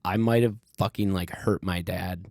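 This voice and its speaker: A man's voice: low-pitched, steady tone, moderate pace, darkish tone, dry recording, studio quality. A man hosting a podcast, telling a childhood story in a rambling, candid way, swearing freely and leaning on fillers. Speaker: podcast host. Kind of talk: casual conversational storytelling.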